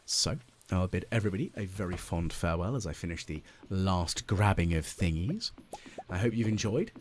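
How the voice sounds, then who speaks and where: A man's voice: low voice, normal speed, a little hiss or hum. A man in his late thirties rambling over a farming game, musing and mocking himself with lots of ums. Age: late 30s. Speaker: gaming channel host. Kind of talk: casual let's play commentary.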